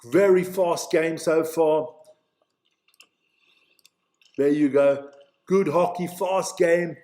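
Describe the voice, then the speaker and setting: Speaking extremely slowly in a voice on the high side, a man from Switzerland gives excitable, chatty live commentary for a stream. He mangles player names, reads out the chat, and sounds reverberant.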